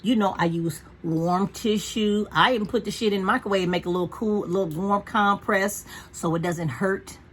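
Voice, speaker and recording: A woman's voice: medium pitch, normal speed, few pauses, a little hiss or hum. A woman vlogging from home in a frank, profane, chatty way about caring for her dog. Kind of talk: casual rambling chat.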